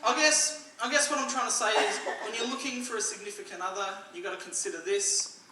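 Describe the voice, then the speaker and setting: A young Australian man doing dry stand-up comedy at a church service, loudly acting out the voices in his stories. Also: sits high, steady tone, fast, background noise. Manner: dry storytelling, acts out quoted voices loudly. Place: church hall. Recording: echoey hall, mic at a distance.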